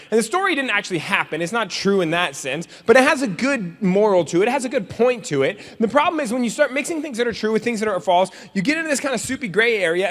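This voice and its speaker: Fast, high-voiced man joking in a hall. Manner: joking, animated storyteller who acts out scenes. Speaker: motivational speaker. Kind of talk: comedic keynote speech to students. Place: large convention hall. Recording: reverberant convention hall.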